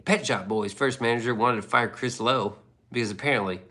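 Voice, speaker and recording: A man's voice: mid-range voice, fairly quick, bright, forceful tone. A man hosting a livestream in rambling casual chat, profane and loose, often laughing. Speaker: livestream host.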